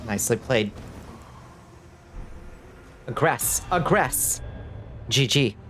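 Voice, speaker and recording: A man's voice: mid-range voice, lively intonation, very slow. Playful gaming streamer, man. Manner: playful, greets chat warmly, laughs often. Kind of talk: casual live-stream chat while gaming. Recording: faint music behind.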